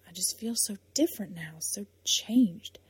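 A woman reading a storybook, voicing a quiet, earnest young man who speaks in a hushed, halting way. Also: sits high, lively intonation, slightly rough, no room sound, exaggerated voice. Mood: subdued.

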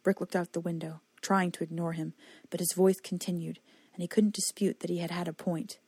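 A woman reading a novel aloud as audiobook narrator in steady storytelling. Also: on the low side, brisk, husky, no echo. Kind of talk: scripted narration.

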